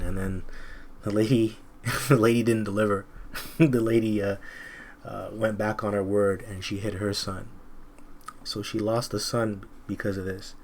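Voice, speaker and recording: A man's voice: lowish voice, darkish tone, slight background noise. A man teaching scripture informally, reading verses aloud and commenting bluntly in casual slang.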